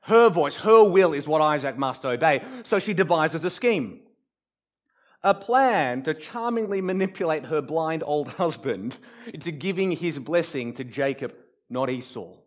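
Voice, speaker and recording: A male pastor delivers a sermon in a high voice. His pitch swings widely as he acts out quotes. He drops to near-quiet to stress a point. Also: unhurried. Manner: animated preacher, acts out quotes, drops to soft emphasis.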